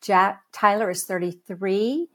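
A woman's voice: medium pitch, takes it slowly. Middle-aged woman telling stories on a podcast. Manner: lively storyteller who laughs easily. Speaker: podcast guest, author and speaker. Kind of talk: podcast interview storytelling.

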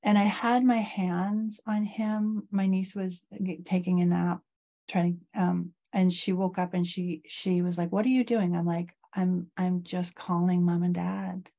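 A middle-aged woman speaks slowly and reflectively, her low voice dark and mellow. There is a gravelly fry through her words, and her pitch stays fairly even as she tells a personal story. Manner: slow, reflective telling of a grief story. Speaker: guest.

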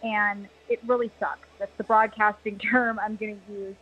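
A woman's voice: medium pitch, little pitch movement, moderate pace, muffled recording. A woman talking baseball as an analyst on a pregame radio show, chatty and self-deprecating. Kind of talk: casual sports chat.

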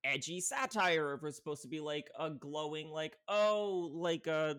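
A man guesting on a podcast, rambling through animated casual film talk full of "like". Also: on the high side, brisk. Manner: rambling, filler-heavy, animated.

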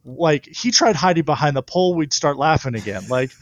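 A young man, a baseball pitcher, telling stories in a casual interview and laughing often. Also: lively intonation, fairly quick, dry recording.

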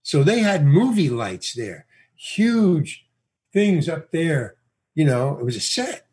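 Husky man telling a lively story. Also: on the high side, slow. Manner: animated storyteller, acts out dialogue, laughs often. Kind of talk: casual anecdote.

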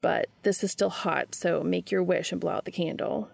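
A woman voicing a shy, gentle young man in a hushed, breathy whisper while reading a story aloud. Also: on the low side, fairly even intonation, moderate pace, no echo, studio quality. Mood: tender.

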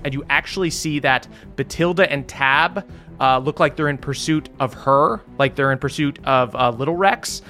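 A man narrating as game master, casual and halting with many fillers. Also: mid-range voice, sharp tone, faint music behind. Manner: casual, many ums and uhs.

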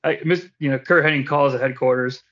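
A man hosting a casual podcast, recapping wrestling in an animated, joking way with casual swearing. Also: mid-range voice, brisk. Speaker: podcast host. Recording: dull lo-fi podcast audio.

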